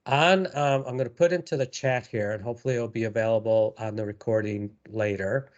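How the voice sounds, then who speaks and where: A man presenting a live software tutorial, talking casually with many fillers and repeated words. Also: lowish voice, steady tone, a little fast, dull audio.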